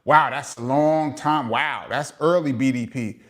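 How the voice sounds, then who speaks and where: A middle-aged man with a New York accent hosts a casual live chat, reading viewer comments aloud and giving long-winded shout-outs. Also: medium pitch, measured pace. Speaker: host of a live chat show.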